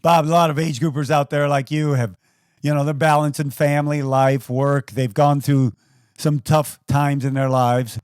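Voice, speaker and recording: A man's voice: fairly high pitch, little pitch movement, moderate pace, a little mellow, clean tone, no echo, clean studio sound. A man hosting a podcast, interviewing his guest in an encouraging way. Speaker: podcast host.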